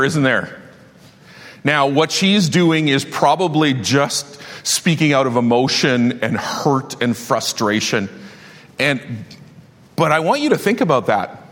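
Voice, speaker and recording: A man's voice: on the high side, fairly bright tone, big-room sound. A man preaching a sermon as pastor, passionate and building to emphatic declarations.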